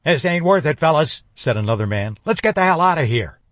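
A man voicing a frightened hired gunman, loud and high-pitched with panic. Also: expressive, brisk, no room sound. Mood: scared.

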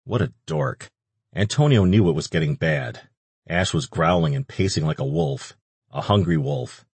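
Male audiobook narrator, very deep voice, husky tone, dry close sound. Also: expressive, normal speed, no room sound.

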